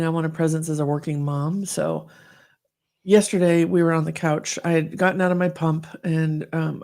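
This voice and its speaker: A middle-aged woman co-hosting a podcast, telling animated stories in casual chat and acting out the voices she quotes. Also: deep voice, creaky. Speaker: podcast co-host.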